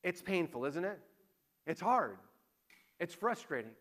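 A man's voice: high-pitched, big pitch swings, unhurried, fairly bright tone. A middle-aged man preaching a conversational sermon, asking rhetorical questions and telling anecdotes. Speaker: pastor.

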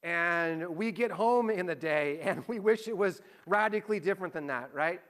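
A man's voice: high-pitched, moderate pace, a bit bright. A middle-aged man preaching a conversational sermon, asking rhetorical questions and telling anecdotes. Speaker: pastor.

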